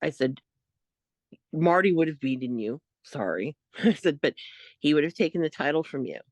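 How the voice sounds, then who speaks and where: A woman co-hosting a podcast, telling a story in a casual, animated way, quoting what others said. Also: deep voice, normal speed, dry recording. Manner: animated retelling, quotes others, laughs often. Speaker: podcast co-host.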